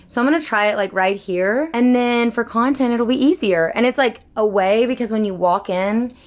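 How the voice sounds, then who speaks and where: A woman's voice: a little high, normal speed. A young woman with a Southern US accent, chatting casually and rambling at home as a book vlogger, gushing and self-deprecating.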